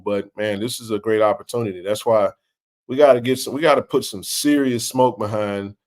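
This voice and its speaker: Male host of a live sports chat, from the American South; emphatic, slangy, animated delivery. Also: fairly low pitch. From Mississippi. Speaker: show host.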